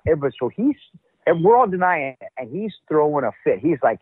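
A man telling locker-room stories in a casual interview, animated and acting out what others said. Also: fairly high pitch, brisk, dry recording. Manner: animated storyteller, acts out quotes. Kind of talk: casual wrestling interview talk. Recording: dull, lo-fi dry audio.

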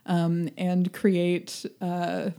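Young woman, podcast co-host, casual book chat, rambling, fillers, lowish mellow voice. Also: very slow. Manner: rambling and animated, with frequent fillers and laughter.

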